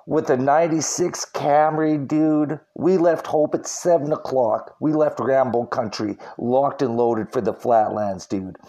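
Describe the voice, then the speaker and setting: A man's voice: on the high side, vocal fry, dark tone. Rambling, profane young man from Saskatchewan. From Saskatchewan, Canada. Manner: profane, rambling, says "dude" constantly. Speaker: podcast host. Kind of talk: casual road-trip storytelling.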